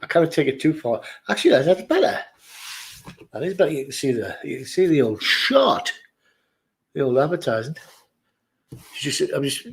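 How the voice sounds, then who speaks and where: A man's voice: on the high side, big pitch swings, moderate pace, long pauses, low-quality recording. A man at his office desk, chatting casually to camera in a jokey, rambling way with muttered asides. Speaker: vlogger.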